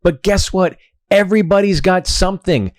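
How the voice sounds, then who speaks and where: A man's voice: high-pitched, moderate pace, no room sound, clean studio sound. A man from Pittsburgh telling heated, profane anecdotes as a guest in a casual podcast chat.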